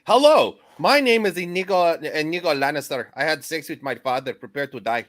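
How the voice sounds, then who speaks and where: Host hams up a swaggering swordsman, put-on accent, pitched up. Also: lively intonation, brisk, fairly bright tone. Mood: hammy. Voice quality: hammy, exaggerated.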